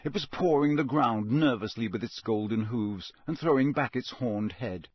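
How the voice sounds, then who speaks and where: A man reading a novel aloud as narrator, in a steady, measured storytelling voice that is slightly husky. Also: medium pitch, no echo, studio quality. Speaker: audiobook narrator.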